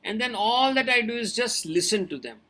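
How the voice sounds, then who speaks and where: A man with a high, bright and forceful voice speaks as a doctor answering questions in a webinar. He gives earnest advice and comes back to his main points again and again. He is heard over a video call. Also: animated, fairly quick. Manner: earnest, advising, repeats key points. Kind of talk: webinar talk with audience questions.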